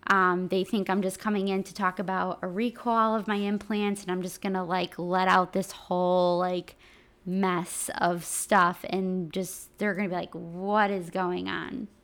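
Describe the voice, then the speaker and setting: A young woman telling her own illness story in a casual, halting way, with many fillers, at times close to tears. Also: on the low side, level tone, a bit bright.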